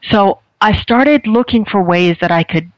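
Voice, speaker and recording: A middle-aged woman speaks earnestly and thoughtfully about her own experience, pausing often and restarting her phrases. The sound is a little dull and muffled. The voice is dry, with no room echo. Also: mid-range voice, lively intonation. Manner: earnest, reflective, many small restarts. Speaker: speaker sharing a personal story. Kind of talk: personal testimony.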